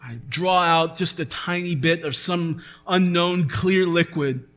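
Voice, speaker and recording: A man's voice: on the high side, unhurried, fairly bright tone. A man preaching a sermon as pastor, earnest and building to emphatic peaks.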